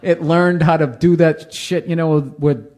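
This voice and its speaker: A man's voice: fairly high pitch, fairly even intonation, unhurried, darkish tone. A man in his forties, a comedian telling rambling, profane, self-mocking stories in casual conversation. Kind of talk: conversational storytelling.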